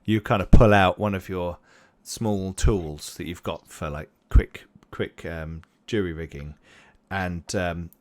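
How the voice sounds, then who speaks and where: A man running a tabletop role-playing game as game master, narrating in a rambling, animated way with sound effects. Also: sits low, slow pace, hardly any pauses, dry recording.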